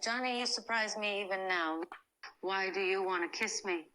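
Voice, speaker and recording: Casting: woman as a cold, proud woman turned gentle, with a bright, soft, slow, soothing comfort role-play read. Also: medium pitch, a little hiss or hum, lightly acted, low-quality recording. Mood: tender. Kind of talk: first-person comfort role-play narration.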